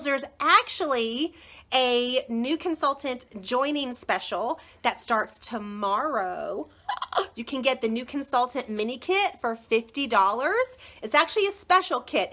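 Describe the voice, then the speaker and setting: A high-pitched, bright-toned woman chats casually on a live stream about children's books she sells. She gushes with enthusiasm and rambles from point to point, stopping for fillers along the way. Her voice is light, lifted and sharp. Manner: gushing, enthusiastic. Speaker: children's book consultant.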